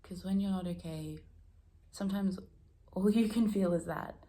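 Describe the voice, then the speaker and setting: At home in a room, a woman records a casual, reflective vlog, rambling and poking fun at herself while laughing often. Her lowish voice is warm and moves at a moderate pace.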